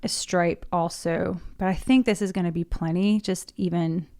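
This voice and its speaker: A woman's voice: on the low side, fairly even intonation, moderate pace, a little mellow. A woman in her thirties casually talking through painting her nails at home into a desk mic, narrating each step as she goes. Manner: chatty, self-narrating while painting nails. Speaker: beauty vlogger. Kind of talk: casual tutorial chat.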